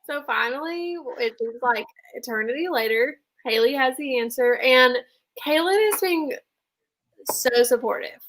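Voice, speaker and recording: A young woman co-hosting a show, recapping episodes in casual, quick chat full of "like". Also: sits high, animated, a bit bright, poor audio. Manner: chatty, quick, says like a lot. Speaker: co-host.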